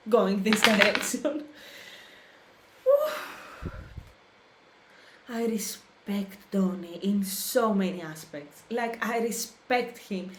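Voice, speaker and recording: A woman's voice: medium pitch, reverberant, slight background noise. A woman hosting a reaction video, talking emotionally and hesitantly, searching for words. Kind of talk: casual reaction commentary.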